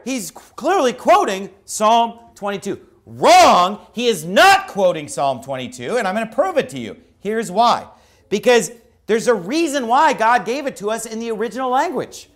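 A male preacher delivering an emphatic sermon to a congregation, arguing forcefully and mocking opposing views. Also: sits high. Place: church.

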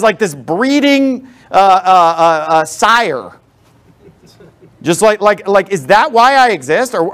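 This man's voice is high and a bit bright as he preaches as a pastor. Bluntly and emphatically, he delivers his sermon with sarcastic asides while the church congregation responds.

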